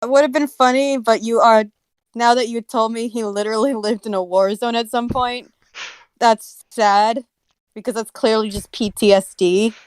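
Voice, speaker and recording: A woman co-host chats casually and teases dryly. Her voice is a bit high and smooth, with a dry, close sound. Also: fairly even intonation, moderate pace, no echo. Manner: dry, teasing reactions. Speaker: stream co-host. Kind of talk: casual chat.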